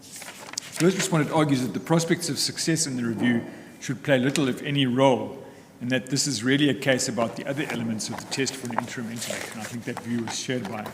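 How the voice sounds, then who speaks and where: A man arguing a case in court, formal and measured, with some restarts. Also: mid-range voice, steady tone, noisy background. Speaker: advocate in court. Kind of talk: legal argument in court. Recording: long reverb of a hall, faint ambience.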